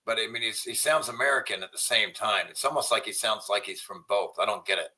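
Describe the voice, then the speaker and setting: A man giving crude, mocking reaction commentary on video clips, swearing and breaking into loud outbursts. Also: fairly low pitch, quick pace, breathy edge.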